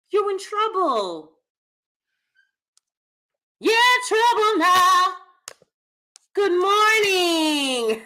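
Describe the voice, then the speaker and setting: A woman hosts a live-stream commentary with a bright, forceful voice that sits a little high. She talks straight to her viewers in a chatty, emphatic way and hammers her main points by repeating them. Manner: emphatic, repeats key phrases. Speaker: host.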